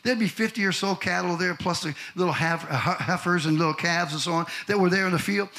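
A middle-aged male pastor delivering a sermon in a high, bright voice. He tells folksy stories, throws questions to the congregation and pushes up into shouted emphasis on key phrases. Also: animated, a little fast, few pauses. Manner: rising to shouted, preaching emphasis.

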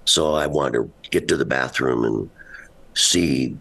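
A man's voice: extremely low pitch, unhurried, vocal fry, fairly bright tone. A man in his seventies, a rock musician, telling rambling stories in a casual interview and laughing often. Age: 70s.

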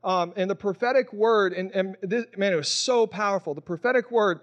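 High-voiced pastor telling his story. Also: a little fast, lo-fi sound. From Mississippi. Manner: casual, storytelling, emotional, acts out quoted voices. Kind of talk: sermon with personal testimony.

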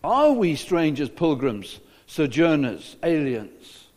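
A man's voice: on the high side, very animated, slow pace, a little mellow, big-room sound. A South African man preaching a sermon as a pastor, asking rhetorical questions and often repeating his words.

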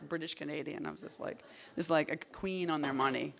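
At a reading series, a woman poet gives a casual talk, rambling off on tangents, padding gaps with "like" and "you know," and dropping wry, deadpan asides. Her voice is low-pitched and gravelly, and she speaks a little fast.

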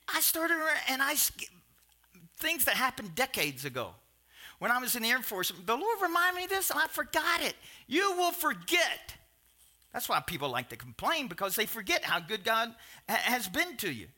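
A man in his sixties preaching a sermon, telling stories in a rambling, animated way with asides and restarts. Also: extremely high pitch, normal speed. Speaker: pastor. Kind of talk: sermon storytelling.

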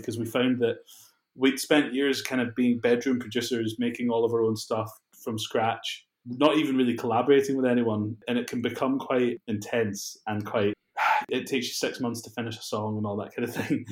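A young man chatting in an interview, relaxed and laughing often between rambling asides. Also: mid-range voice. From Scotland. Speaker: guest, music producer. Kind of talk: casual interview chat. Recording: roomy echo.

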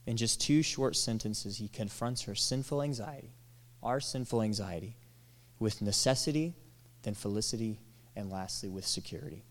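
A man preaching a sermon, animated, acting out quoted lines and dropping to soft, tender tones. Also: fairly low pitch, normal speed. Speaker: pastor. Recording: long hall reverb.

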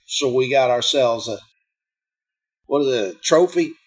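A man's voice: mid-range voice, animated, a little slow. Sarcastic man hosting a comedy countdown. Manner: sarcastic, mocking, profane asides. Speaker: host of a comedy countdown show. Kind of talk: comedic news commentary.

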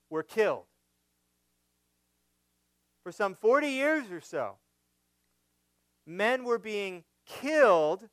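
A man preaching an expository sermon, building to emphatic, louder points as he drives home his argument. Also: high-pitched, smooth, no room sound. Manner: slow, emphatic preaching that rises when stressing a point. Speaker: pastor.

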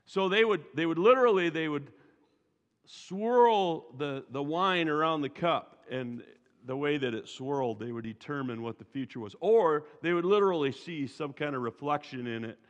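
A male pastor preaches in an animated storytelling way, acting out the quotes and breaking off for chuckling asides. His voice sits high for a man. The sermon echoes with a long reverb through a church sanctuary. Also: normal speed, muffled recording.

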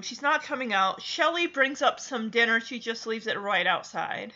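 A woman casually retelling a movie's plot, animated and acting out the characters' lines. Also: on the high side, moderate pace, few pauses, dull audio. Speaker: film recap host.

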